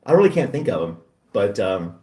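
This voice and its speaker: A man's voice: fairly low pitch, very animated, fairly quick, warm tone, a little hiss or hum. Middle-aged man, casual chat host, laughs a lot, self-deprecating, roomy distant mic.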